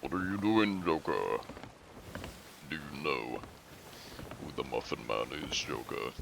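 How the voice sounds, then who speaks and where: A man voicing Batman, a gruff masked male crusader, pushing his voice down into a growl without much rasp. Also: big pitch swings, unhurried, background noise, heavily acted. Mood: mock gruff. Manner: lowered growl, trying for rasp.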